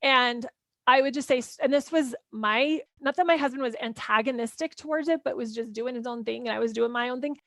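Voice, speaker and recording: A woman coaches parents in a live workshop, talking fast and earnestly in a high voice with a gravelly edge. She strings her thoughts together quickly and leans on "like". The sound is dry and close. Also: fairly bright tone, dry recording. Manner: earnest and encouraging, quick run-on phrasing with "like". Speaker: parenting coach and podcast host. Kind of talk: live workshop answering listener questions.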